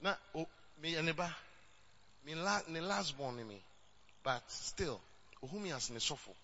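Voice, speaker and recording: A Ghanaian-accented male pastor preaching a sermon in a high, piercingly bright voice. He mixes English with Twi and climbs into shouted exhortation. The recording is dull and lo-fi, with a faint hiss beneath it. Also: normal speed. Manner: switches between English and Twi, rising to shouts.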